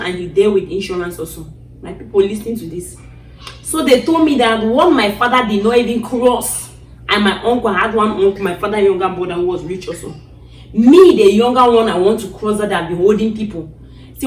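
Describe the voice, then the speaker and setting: A woman's voice: medium pitch, slight background noise. Dramatic woman storyteller, echoey and distant. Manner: dramatic, reenacts her own cries and pleas. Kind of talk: personal storytelling. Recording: distant mic in an echoey room.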